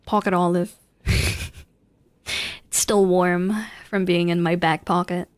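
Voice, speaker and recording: A woman's voice: on the low side, lively intonation, very slow, pauses often, dry recording. A young woman giving casual, giggly gameplay commentary with a playful, self-mocking manner. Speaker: streamer.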